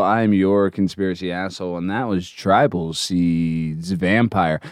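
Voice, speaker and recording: A man hosting a comedic livestream, brash and boastful, jumping between loud shouting and low mumbling. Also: fairly even intonation, unhurried, hardly any pauses, no echo, studio quality. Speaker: livestream host.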